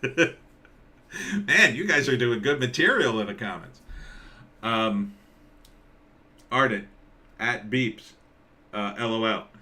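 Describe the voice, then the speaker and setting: A man hosting a live stream, rambling in casual commentary and reading viewer comments aloud, with halting restarts. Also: fairly low pitch, bright, forceful tone.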